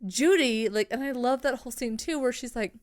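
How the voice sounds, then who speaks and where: A young woman co-hosting a podcast in casual chat, chatty with quick replies and some swearing. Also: on the high side. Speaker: podcast co-host.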